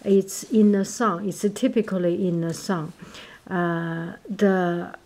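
Slow, hesitant woman with a Chinese accent. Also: on the low side, darkish tone, slight background noise. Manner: hesitant, searching for words, many fillers. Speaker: Chinese language teacher. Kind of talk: casual language lesson.

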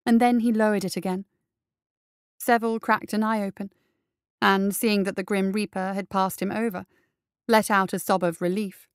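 A woman narrating an action story in a steady, measured reading. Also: medium pitch, clear, resonant tone, dry recording, studio quality.

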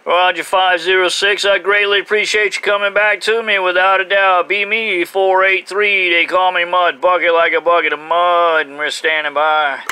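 South Carolina CB host, man, slightly high and clear, phone-recorded outside. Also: little pitch movement, normal speed, hardly any pauses, pushed and bright, poor audio. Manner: friendly, formal radio procedure. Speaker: CB radio operator and channel host. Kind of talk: CB radio call. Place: outdoors.

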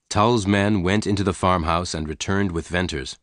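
A man narrating a story in a slow, clear, even reading for English learners. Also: low-pitched, dry recording, clean studio sound.

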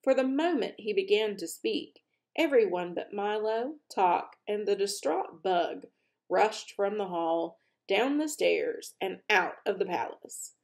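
Slow, gentle woman read-aloud host. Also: mid-range voice, animated, gravelly. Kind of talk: chatty intro and storybook read-aloud.

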